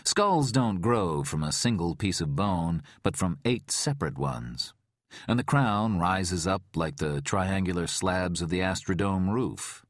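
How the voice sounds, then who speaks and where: Deep, slow male audiobook narrator. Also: lively intonation, dry recording, clean studio sound. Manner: slow, deliberate, tense storytelling.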